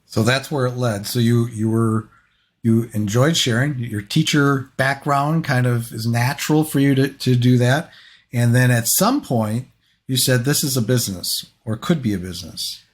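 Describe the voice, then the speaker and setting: A man's voice: mid-range voice, normal speed. A man hosting a podcast in casual interview chat, supportively summing up his guest's points. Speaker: podcast host.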